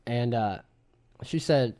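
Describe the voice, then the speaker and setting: A man in his thirties hosting a podcast, telling a story to friends in an animated, casual way and swearing freely. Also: mid-range voice, takes it slowly. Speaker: podcast host. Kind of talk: casual group chat.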